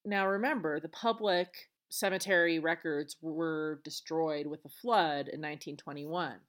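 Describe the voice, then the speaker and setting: A woman's voice: low-pitched, measured pace. A woman hosting a podcast, retelling events alone in a chatty, earnest way with casual asides. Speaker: podcast host. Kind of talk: solo podcast storytelling.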